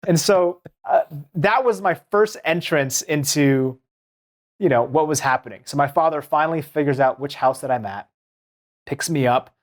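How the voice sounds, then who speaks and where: A man's voice: on the high side, normal speed. Man telling his story animatedly. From Seattle, United States. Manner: animated storytelling, acts out quotes. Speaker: guest, former Olympic speed skater. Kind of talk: storytelling in a podcast interview.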